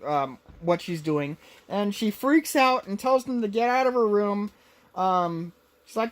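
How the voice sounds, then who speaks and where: A woman co-hosting a podcast, recapping a movie in casual chat and rambling along with lots of fillers and restarts. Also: mid-range voice. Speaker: podcast co-host.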